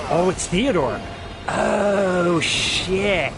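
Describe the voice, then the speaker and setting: A man streams a horror game, excitable and panicky, swearing freely. His voice sits high and jumps all over the place. Game music runs behind him. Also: takes it slowly. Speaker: gameplay streamer. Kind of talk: let's-play commentary.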